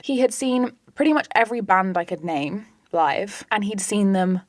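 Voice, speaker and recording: A woman hosting a podcast, telling a story in a lively, chatty way with whispered asides. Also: medium pitch, moderate pace, few pauses, dry recording. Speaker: podcast host. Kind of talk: casual storytelling monologue.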